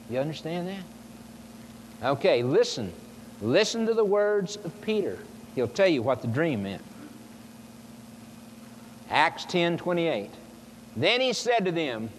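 A man's voice: sits high, a bit bright. A man preaching a sermon, explaining scripture with emphatic rhetorical questions put to his listeners. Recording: long hall reverb, faint noise.

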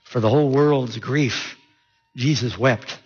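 A man preaching a sermon with vivid storytelling and wide swings in pitch, his voice gravelly and husky. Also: slow, dull audio.

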